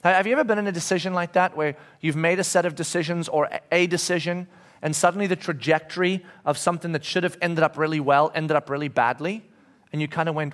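A man's voice: fairly high pitch, fairly even intonation, quick pace. Conversational middle-aged male pastor. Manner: conversational storyteller with frequent restarts, dropping soft for reflection. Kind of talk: sermon with a personal story. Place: church sanctuary.

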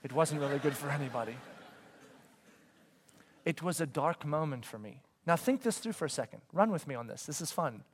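A man in his forties preaching a sermon, telling a story with stammered restarts and swinging from loud to hushed. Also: a little high, animated, a little fast, noisy background. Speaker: pastor.

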